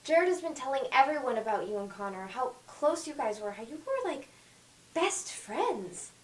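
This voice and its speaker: A woman acting an overeager, chatty teenage girl in an audition reading, talking in quick gushing bursts. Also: sits high, sing-song. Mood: eager. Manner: rapid, overbearing chatter. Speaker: auditioning actress. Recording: echoey room, faint music, from far off.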